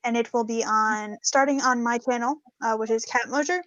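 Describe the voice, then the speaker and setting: A woman's voice: on the high side, steady tone, moderate pace, a bit bright, dry recording, low-quality recording. A woman guest streamer chatting casually, self-deprecating and laughing as she talks. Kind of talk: casual livestream chat.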